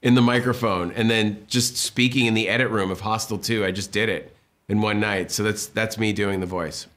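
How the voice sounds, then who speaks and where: A man, a film director being interviewed, telling stories in an animated, enthusiastic way. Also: fairly low pitch, normal speed. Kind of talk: casual interview talk.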